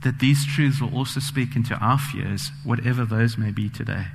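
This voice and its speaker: A man's voice: mid-range voice, normal speed, gravelly, a little hiss or hum. A man preaching a sermon, earnest and personal, telling stories with frequent fillers. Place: church sanctuary. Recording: long church reverb.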